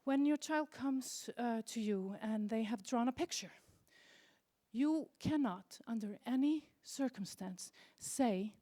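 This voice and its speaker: Woman, Icelandic accent, stand-up comic, fairly high voice, deadpan storytelling, stage mic. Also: slow pace. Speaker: stand-up comedian. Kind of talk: stand-up routine. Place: convention stage before an audience.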